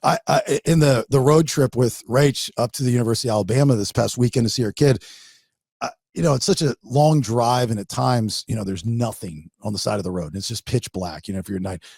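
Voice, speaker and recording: A man's voice: medium pitch, quick pace, creaky, slightly rough, no echo, studio quality. A man hosting a podcast, telling a funny story in a casual, rambling way. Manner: rambling, animated, acts out his wife in quotes. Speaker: podcast host.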